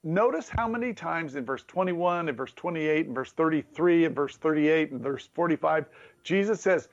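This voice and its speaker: A man's voice: on the high side, moderate pace, dull audio. A man preaching a sermon as a pastor in a playful, conversational way, building through repeated phrases.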